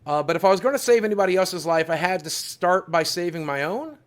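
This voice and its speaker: A man's voice: sits high, lively intonation, fast talker. A man hosting a livestream from his studio, talking in an earnest, heartfelt, confessional way with emphatic repetition. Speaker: livestream host.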